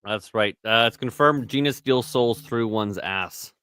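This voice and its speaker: A man's voice: medium pitch, measured pace, pushed and bright, clear, resonant tone, no echo. A man co-hosting a podcast in casual banter, crude and teasing, often slipping into mocking voices. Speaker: podcast co-host.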